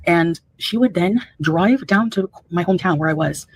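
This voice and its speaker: A woman from Canada defending herself on a live stream, indignant and quick. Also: fairly low pitch, husky, no room sound, poor audio.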